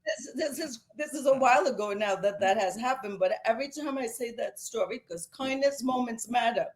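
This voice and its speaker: A woman's voice: fairly high pitch, fairly quick. A middle-aged woman from Brooklyn with a New York accent, telling an emotional story as a guest author in a casual interview. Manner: animated, emotional storyteller, voice rising as she tells it.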